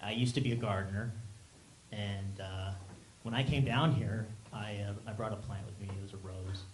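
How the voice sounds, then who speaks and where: A man doing a stand-up set on a small theater stage, talking haltingly with many ums and restarts. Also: lowish voice. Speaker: stand-up comedian. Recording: echoey room, loud background noise. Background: audience laughter.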